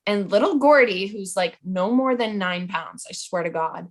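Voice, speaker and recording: A woman's voice: mid-range voice, animated, normal speed. A young adult woman chatting as a podcast guest, playful and full of fillers like "like" and "um". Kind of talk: casual podcast chat.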